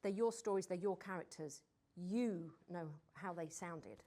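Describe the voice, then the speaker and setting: A woman's voice: on the low side, unhurried, mellow. A British woman answering questions from an audience, direct and encouraging. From Britain. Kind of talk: live Q&A workshop talk. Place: room with an audience.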